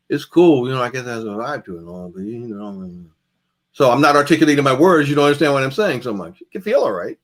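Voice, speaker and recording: A man's voice: medium pitch, animated, fast. A man giving a jazz guitar masterclass, talking casually and calling out picking strokes as he demonstrates. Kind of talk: masterclass lecture.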